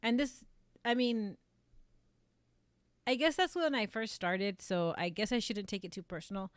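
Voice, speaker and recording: A woman streamer who does amateur voice acting, chatting casually and rambling with many fillers and restarts in a fairly flat delivery. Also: unhurried, clean tone, no room sound. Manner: flat, low-emotion delivery. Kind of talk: casual live-stream chat.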